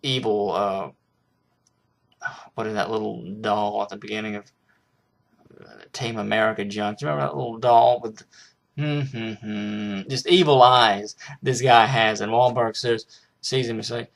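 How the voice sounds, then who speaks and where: A man's voice: lowish voice, fairly even intonation, moderate pace, vocal fry, pauses often, a bit bright. A man casually reviewing a film, rambling with frequent restarts and hesitations.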